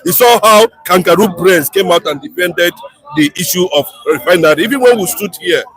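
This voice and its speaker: Nigerian man, very high voice, shouting and combative, faint music behind. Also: brisk. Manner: shouting, combative, stammers when worked up. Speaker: street interviewee. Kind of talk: heated street debate.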